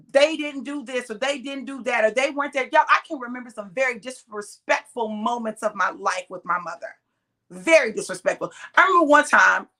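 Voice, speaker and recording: Emphatic, sharp-voiced woman preacher. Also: a little high. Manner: preaching directly to listeners, sharp and emphatic, slow drawn-out stresses. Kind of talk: sermon-style exhortation.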